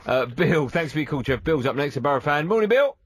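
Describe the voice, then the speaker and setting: A man's voice: fairly high pitch, sing-song, fast talker, no room sound. A man hosting a casual radio phone-in, teasing and exasperated with the callers. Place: radio studio.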